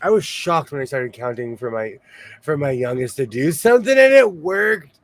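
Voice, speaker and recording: Male host, lively, laugh-prone storyteller with a swooping, slightly high voice. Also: normal speed. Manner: animated storyteller who laughs often. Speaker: host of a sewing show; single father. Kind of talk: casual chat.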